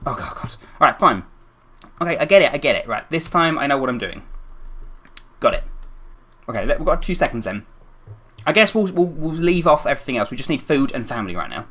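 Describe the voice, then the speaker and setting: A woman's voice: very deep voice, very animated, fairly quick, a bit bright. A young woman commentating her gameplay in a frantic, panicky way, often swearing and laughing at herself. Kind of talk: let's play commentary.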